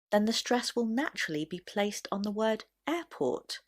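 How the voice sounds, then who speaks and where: A woman explaining sentence stress in a video lesson, speaking clearly and deliberately as she demonstrates. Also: medium pitch, lively intonation. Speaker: English teacher.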